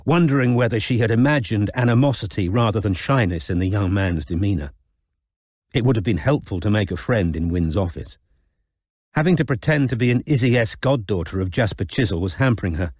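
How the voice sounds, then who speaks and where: A male audiobook narrator reads in a measured, even way. His voice sits on the low side. The recording is close and dry, with no room sound. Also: dry recording. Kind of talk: scripted narration.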